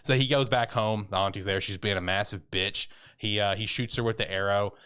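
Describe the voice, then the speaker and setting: A man's voice: lowish voice, steady tone, fairly quick, bright, forceful tone, smooth. Rambling man recapping a cartoon. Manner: rambling, loose, with many fillers and casual swearing. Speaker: podcast co-host. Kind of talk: casual chat.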